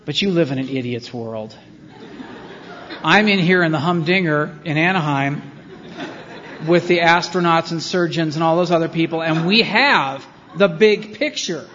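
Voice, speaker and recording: A man's voice: a little high, moderate pace, a bit bright. A man speaking at a recovery meeting, telling his own story in a rambling, sardonic way with self-mocking asides. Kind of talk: personal testimony talk. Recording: dull lo-fi sound with long hall reverb and faint hiss.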